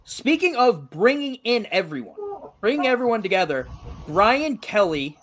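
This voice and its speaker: Young male co-host, light Massachusetts accent, high lively voice, jokey and profane. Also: moderate pace, slight background noise. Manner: animated, joking, swears freely. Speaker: podcast co-host. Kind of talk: casual chat.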